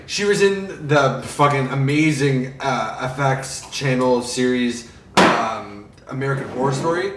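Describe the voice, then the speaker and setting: A man's voice: medium pitch, reverberant, recorded from a distance, background noise. A tipsy man chatting through a casual movie review, profane and giggly.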